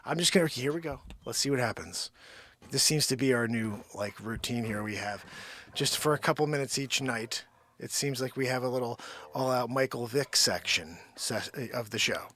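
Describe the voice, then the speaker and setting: A man hosting a daily live comedy show, rambling and joking, often sliding into a low mutter between loud bursts. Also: moderate pace. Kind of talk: unscripted live comedy chat. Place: home studio with his dogs.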